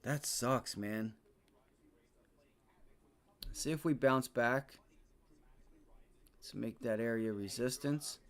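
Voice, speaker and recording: Man, live trading stream, frustrated, heavy swearing, shouted outbursts, low muttering, mid-pitched voice. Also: slow pace, long pauses. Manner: muttering to himself, low and deflated. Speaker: day trading livestreamer.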